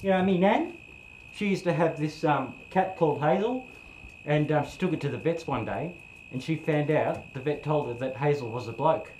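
A woman's voice: sits low, expressive, normal speed, a little mellow, roomy sound, slight background noise, rough recording. A woman playing a dim, easygoing male Australian bogan sidekick who rambles and gossips in a comedy film. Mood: chatty.

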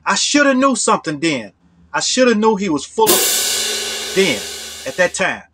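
A man from Chicago telling a true story from his own life in a loose, rambling way. His voice is husky yet bright, with a lively, swinging pitch, and he keeps restarting and dropping in "you know.". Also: measured pace, long pauses, soft background music. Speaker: storyteller and channel host.

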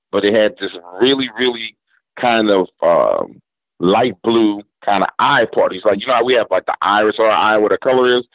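A radio show guest from New Orleans, Louisiana, with a voice on the low side and no echo, tells a story in a slangy, drawling New Orleans accent. He acts out the conversation, quoting both sides of the back-and-forth, and the audio is dull lo-fi radio quality.

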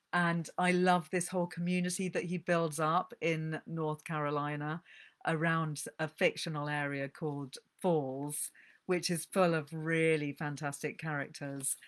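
A woman giving an enthusiastic, chatty talk on books to a live audience. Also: low-pitched. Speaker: speaker giving a book talk.

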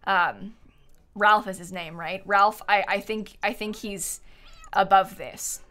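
A woman's voice: medium pitch, fairly even intonation, takes it slowly, a bit bright. A young woman in her twenties chatting casually on a live game stream, giggly and talkative. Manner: giggly, chatty, often breaks into laughter. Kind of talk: casual live-stream chat while playing a life-sim game.

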